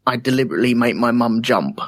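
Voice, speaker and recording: A man guesting on a casual podcast chat, telling stories in an animated way. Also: mid-range voice, quick pace.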